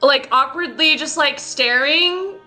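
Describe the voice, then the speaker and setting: Giggly high-voiced young woman player. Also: slow pace, bright, forceful tone, faint music behind. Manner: giggly, hesitant, many likes. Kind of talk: casual tabletop play.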